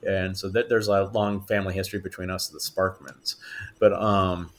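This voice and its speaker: A man's voice: deep voice, little pitch movement, normal speed. A man, an actor, telling stories in a podcast interview, laughing often and acting out the voices he quotes. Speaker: actor and voice actor guest. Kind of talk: animated storytelling in conversation.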